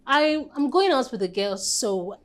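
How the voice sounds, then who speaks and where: A woman's voice: sits high, lively intonation, unhurried. An actress playing a young woman coaxing her boyfriend for money to go out. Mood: pleading. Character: pleading young woman wanting a night out. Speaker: girlfriend.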